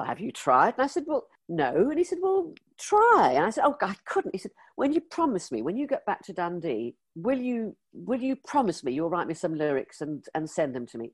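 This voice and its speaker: An older British woman, a former magazine editor, telling stories in an interview and acting out the voices in her anecdotes. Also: low voice. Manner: lively anecdotal storyteller, acts out quoted dialogue. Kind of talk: storytelling interview.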